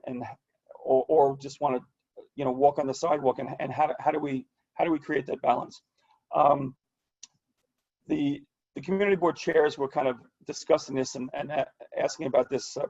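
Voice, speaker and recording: A man who is losing his voice gives a halting, hesitant report at a video-call meeting, full of restarts and fillers. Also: mid-range voice, a little mellow, lo-fi sound.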